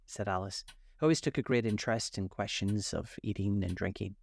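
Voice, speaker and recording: A man narrating a storybook in a calm, measured reading. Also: lowish voice, vocal fry.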